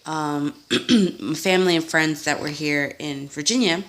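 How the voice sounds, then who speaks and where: A young woman talks at home in a relaxed vlog, her voice sitting low. She rambles with fillers and small laughs and acts out the quotes. The tone stays casual and unscripted. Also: takes it slowly. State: sick. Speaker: vlogger. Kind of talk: casual chat answering a tag video.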